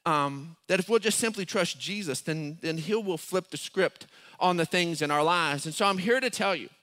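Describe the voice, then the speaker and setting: A middle-aged male pastor telling a story in a sermon, acting out quotes and rising to shouted peaks. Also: fairly high pitch, normal speed.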